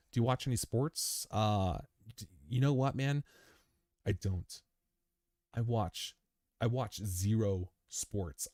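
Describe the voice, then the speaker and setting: Here's a man with a lowish, slightly mellow voice on a dry, studio-quality recording. Hosting a crypto stream, he's worn out after a long session and rambles through viewer comments in a casual, chummy, laid-back manner, calling them dude.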